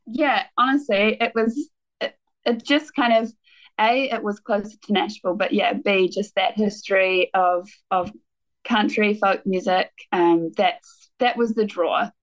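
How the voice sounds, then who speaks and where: NZ-accented woman in her thirties, musician guest; easygoing, self-deprecating, quick to laugh. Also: mid-range voice, fairly even intonation, poor audio. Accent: New Zealand. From New Zealand. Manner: laughs often, hesitant restarts. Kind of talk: casual interview chat.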